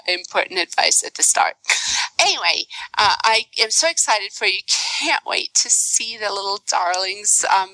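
A woman recording a halting, affectionate message of congratulations to friends becoming parents. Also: mid-range voice, no room sound, low-quality recording. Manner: warm, halting, with soft laughs.

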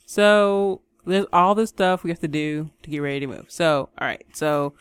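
A woman co-hosting a podcast in casual chat, bubbly and excitable, laughing often and bossing her co-host. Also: low-pitched, moderate pace, clear, resonant tone, dry recording.

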